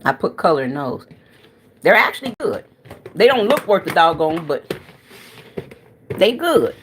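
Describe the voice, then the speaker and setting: A woman's voice: lowish voice, big pitch swings, a little slow, a bit bright, slight background noise. A woman hosting a cooking livestream, chatting frankly with her viewers and sounding tired and winded. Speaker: cooking channel livestream host. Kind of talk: casual chat with viewers.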